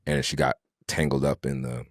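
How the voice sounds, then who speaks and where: A man co-hosting a podcast, telling stories in a slangy, animated, casual way. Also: rumbling low, moderate pace, dry recording, clean studio sound. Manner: slangy, animated storyteller with restarts. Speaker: podcast co-host. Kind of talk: casual storytelling chat.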